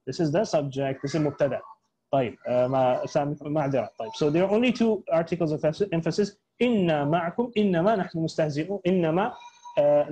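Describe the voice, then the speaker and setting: A man teaching a Quran tafsir class online, explaining slowly in English mixed with Arabic terms, with many fillers and self-corrections. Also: high voice, a little mellow, husky, poor audio.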